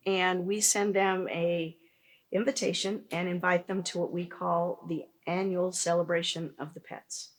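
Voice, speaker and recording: A woman's voice: fairly low pitch, a little slow. Earnest woman telling a story. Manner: earnest, animated storyteller with frequent restarts. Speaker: pet aftercare business founder, guest. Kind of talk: conversational interview storytelling.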